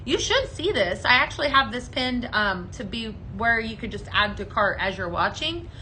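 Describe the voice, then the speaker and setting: A woman with a bright, forceful voice, pitched a little high, hosts a live shopping show from a studio set. Her delivery is upbeat and chatty as she demos products and calls out viewers by name. Faint noise sits behind her. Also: big pitch swings, moderate pace, rough recording. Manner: chatty and upbeat, selling, reading viewer comments aloud. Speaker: host of a live home fragrance sales show. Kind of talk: live on-air product demo chat. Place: studio set under hot lights.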